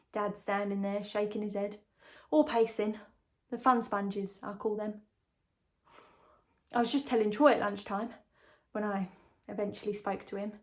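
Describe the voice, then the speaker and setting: A woman's voice: medium pitch, close to an everyday voice. A young woman performs a dramatic monologue as a chatty, confiding young woman engaged to a condemned prisoner. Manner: confiding, gossipy, breezy. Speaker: lead character in a monologue.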